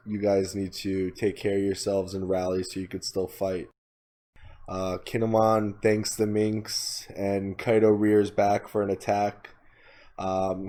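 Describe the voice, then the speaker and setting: A man with a low, fairly flat voice talks through a story recap in a loose, casual way. He quotes characters without changing his voice much and leans on "like" as a filler. His tone is mellow and dark. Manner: casual, retells scenes with many "like" fillers, quoting characters in his own voice. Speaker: podcast co-host.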